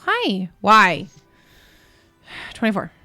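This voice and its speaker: A woman playing in a tabletop game, chatting expressively and excitably. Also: medium pitch, drawn-out words, no echo, soft background music. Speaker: player. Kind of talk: casual tabletop play.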